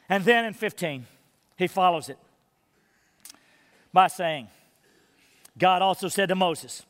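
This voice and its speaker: A male pastor preaching a sermon, emphatic on key phrases and dropping to hushed, intimate tones. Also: sits high, measured pace, long pauses, long reverb tail. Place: church sanctuary.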